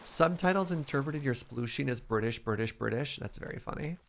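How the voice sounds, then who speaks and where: A man's voice: mid-range voice, expressive, brisk, creaky, a bit bright, slight background noise. A man casually commenting as he streams a building game, chatty and playful, talking to his chat.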